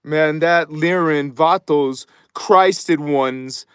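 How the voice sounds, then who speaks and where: A middle-aged man, hosting a spiritual livestream from his phone. He swings between mumbled casual chatter and fervent shouted invocations. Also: a little high, lively intonation, a little slow, long pauses, no echo, studio quality. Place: by his truck in a cold underground space at night.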